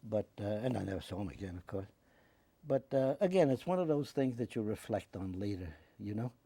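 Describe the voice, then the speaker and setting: In a low-leaning, slightly rough voice that runs a little fast, a veteran interviewee recounts his memories for an oral history. He is an older man from the United States with a New York accent who animatedly acts out others' words in quotes, and there is no room sound.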